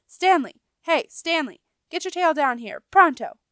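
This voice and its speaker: A woman's voice: a little high, moderate pace, dry recording, close to an everyday voice. A woman voicing an elderly, portly male rat who runs a message office, flustered and apologetic with a stammer. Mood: yelling.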